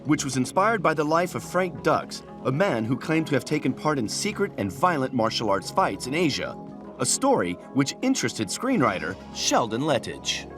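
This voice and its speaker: A man narrating a documentary from a script, with a lively, varied pitch. His delivery is measured, and clear guitar music plays underneath.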